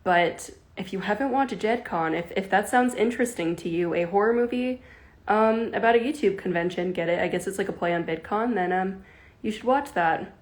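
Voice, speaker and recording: A woman's voice: mid-range voice, moderate pace. Chatty giggly young woman livestreaming. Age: early 20s. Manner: chatty, giggly, greets viewers by name. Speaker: livestream host. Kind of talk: casual livestream chat. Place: at home with a kitten.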